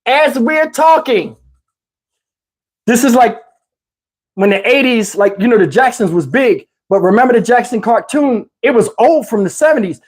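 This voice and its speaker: Husky animated man telling a story. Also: very high-pitched, normal speed. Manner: animated, laughing, slangy. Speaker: channel host telling a story. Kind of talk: casual storytelling. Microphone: wireless lapel mic.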